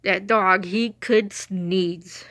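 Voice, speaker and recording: A woman's voice: mid-range voice, steady tone, drawn-out words, fairly bright tone, dry recording. A woman telling rambling, laughing stories in casual chat, with a runny nose and a cough. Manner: chatty, meandering, laughs often. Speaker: vlogger telling stories about her late dog.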